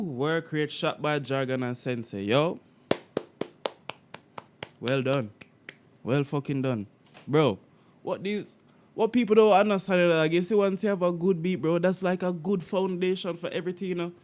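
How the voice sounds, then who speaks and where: A man from Jamaica hosting a casual music reaction video. He is animated and slangy, with frequent swearing and laughter. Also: a little high. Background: the reacted song playing faintly.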